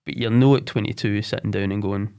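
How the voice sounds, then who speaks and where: A man in his forties telling his own story as a podcast guest, candid and halting, often repeating words and starting over. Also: fairly low pitch, fairly even intonation, mellow, clear, resonant tone.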